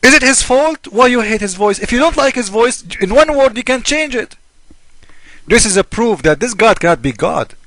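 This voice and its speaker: A man's voice: very high-pitched, expressive, normal speed, fairly bright tone, no echo. A man delivering a polemical monologue as a religious critic, mocking and argumentative, firing off rhetorical questions.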